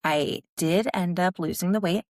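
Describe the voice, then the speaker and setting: A woman's voice: on the low side, moderate pace, darkish tone, no room sound, clean studio sound. A young adult woman hosting a podcast, telling her own story in a raw, frank way and swearing often. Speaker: podcast host. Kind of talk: candid personal monologue.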